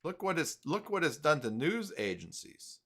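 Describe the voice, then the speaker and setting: A man's voice: on the high side, sing-song, normal speed, a bit bright. A man hosting a casual live stream, rambling and reading chat messages aloud.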